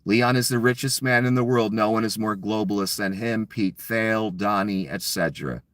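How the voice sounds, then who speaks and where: A man's voice: lowish voice, moderate pace, fairly bright tone, no room sound. A man giving a blunt, mocking solo commentary, full of profanity. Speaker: political commentator.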